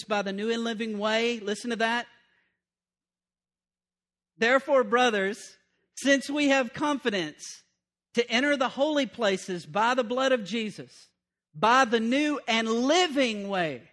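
A high-pitched man delivers a sermon in a lively, conversational way. He repeats key lines, stumbles over restarts, and checks in with his listeners. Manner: animated, conversational preaching with repetition and asides. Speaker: preacher.

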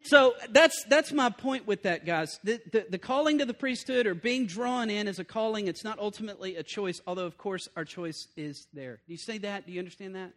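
A high-pitched man delivers a sermon in a lively, conversational way. He repeats key lines, stumbles over restarts, and checks in with his listeners. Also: fairly quick, hardly any pauses. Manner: animated, conversational preaching with repetition and asides. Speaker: preacher.

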